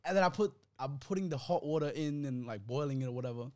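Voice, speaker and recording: Young man, casual storyteller, lively and slangy, voice sits fairly high and swings wide. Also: fast, slight background noise. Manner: animated, laughing often, heavy slang. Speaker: podcast co-host telling a story.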